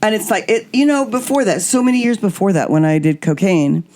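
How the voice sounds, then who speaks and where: A middle-aged woman hosting a podcast in candid storytelling mode. She talks in an animated, confiding way and jumps into quoted voices as she goes. Her pitch sits in an ordinary middle range. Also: fairly quick. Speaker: podcast host.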